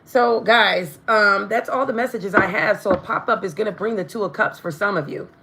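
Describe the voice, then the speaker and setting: A woman's voice: mid-range voice, normal speed, vocal fry, pushed and bright, a little hiss or hum. A woman doing a live tarot reading, chatting to her viewers and often stumbling over her words. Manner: chatty, addresses viewers directly. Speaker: tarot reader.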